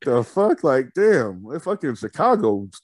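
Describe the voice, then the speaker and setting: A man co-hosting a podcast in casual chat, profane and animated, laughing often. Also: mid-range voice, measured pace, dry recording, clean studio sound. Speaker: podcast co-host.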